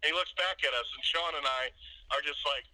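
A man's voice: fairly high pitch, brisk, pushed and bright, dry recording, low-quality recording. A man in casual chat, telling a rambling, profane story and acting out what others said. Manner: rambling, profane, acts out quoted voices.

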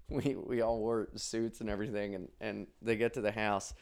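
Male comic host, casual storytelling, swearing a lot, frequent laughs, lively pitch jumps. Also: moderate pace, creaky. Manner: loose, profane, laughs often, animated swings in pitch. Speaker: comedian podcast host.

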